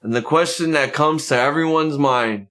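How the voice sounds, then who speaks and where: A man's voice: on the high side, moderate pace. A man co-hosting a casual podcast, swearing freely and acting out quotes in exaggerated voices. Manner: animated, profane, acts out quotes in exaggerated voices. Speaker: podcast co-host.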